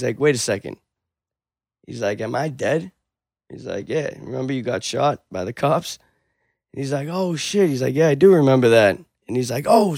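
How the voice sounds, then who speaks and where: A man's voice: medium pitch, no echo, studio quality. A man retelling a story in casual chat, acting out the dialogue with lots of swearing. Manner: animated storyteller, acts out dialogue, swears a lot.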